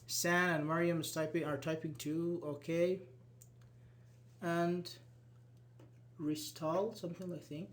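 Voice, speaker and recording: Here a man whose native language is Persian teaches an English grammar class live online, breaking points down step by step and checking in with learners. His voice is fairly high but flat, and he goes slowly, leaving long pauses.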